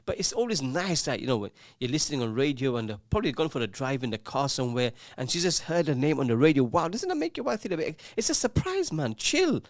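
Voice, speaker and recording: A man's voice: fairly high pitch, very animated, fast, hardly any pauses, no room sound, clean studio sound. A man presenting a casual radio show, chatting, teasing his co-host and reading out listener messages. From England. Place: radio studio. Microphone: studio microphone.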